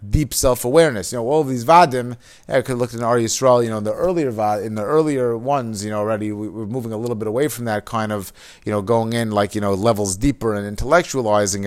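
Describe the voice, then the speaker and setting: Man, Torah lesson, reads Hebrew then explains, casual, lots of fillers, mid-pitched voice. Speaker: Torah teacher. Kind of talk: explaining a Hebrew mussar text.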